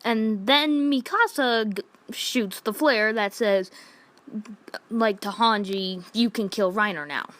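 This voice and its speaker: A woman recaps a comic chapter in a loose, rambling rant, leaning on "like" as she goes. She sounds indignant and exasperated throughout, in a mid-pitched, everyday voice. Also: takes it slowly, fairly bright tone, dry recording. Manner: rambling retelling, heavy use of "like". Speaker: manga reviewer. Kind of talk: casual review rant.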